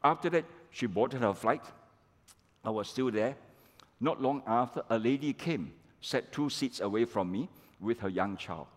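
A middle-aged man delivers a sermon in a lively, storytelling way, constantly checking in with his listeners. His voice sits at an ordinary middle pitch. The recording carries the long reverb of a large church hall. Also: a little slow. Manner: animated, repeats "okay" and "all right" to the congregation. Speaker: pastor.

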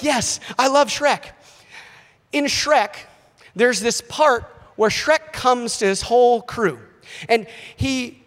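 Brief: male preacher in his thirties, high voice, lively delivery, reverberant church hall. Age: 30s. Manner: animated, acts out quoted voices. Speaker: visiting missionary preacher. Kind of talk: sermon.

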